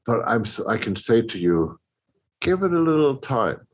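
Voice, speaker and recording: Husky, animated composer talking shop. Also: male voice, mid-range voice, moderate pace. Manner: animated storyteller, many restarts, acts out others' reactions. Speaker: film composer, guest. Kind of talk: conversational podcast interview.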